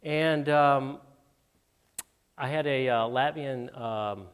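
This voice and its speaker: A man's voice: mid-range voice, takes it slowly, clean tone. A man from Michigan, a guest entrepreneur, telling stories from his life to students in a lecture, with many fillers and restarts. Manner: anecdotal, with frequent fillers and restarts. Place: university auditorium. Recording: reverberant auditorium.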